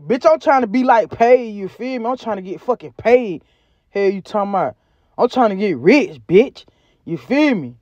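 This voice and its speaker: Man vlogger, high voice, slangy cursing rant, lo-fi dry audio. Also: animated, moderate pace, a little mellow, no echo. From Southern United States. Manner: loose, profane, rambling street slang. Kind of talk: casual food review vlog. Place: outdoors by a back door.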